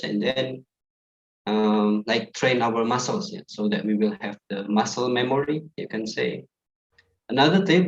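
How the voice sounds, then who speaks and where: Man teaching over an echoey call. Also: mid-range voice. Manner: chatty, lots of fillers and "like". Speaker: pronunciation presenter. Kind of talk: teaching tips on an online class call. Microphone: video call. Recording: echoey room, dull online call audio.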